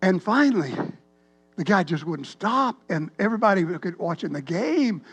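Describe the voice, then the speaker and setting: Man, pastor, storytelling sermon, animated, rambling, high pitch. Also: normal speed, breathy edge. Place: church sanctuary.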